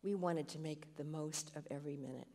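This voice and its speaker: A woman's voice: low voice, a little fast, mellow, in a large hall. A woman reading a personal story aloud expressively to a congregation. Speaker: scripture reader.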